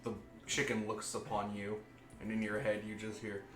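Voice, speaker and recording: A man's voice: fairly low pitch, monotone, moderate pace, fairly bright tone, roomy sound. A man playing his character at a tabletop game, with formal, stilted speech. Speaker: player.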